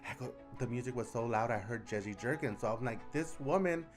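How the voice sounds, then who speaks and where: A young adult man, a drag queen vlogger, telling stories in a sassy, animated way and often squealing into high voices for quotes. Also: fairly quick, over music. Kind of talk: casual chatty vlog storytelling.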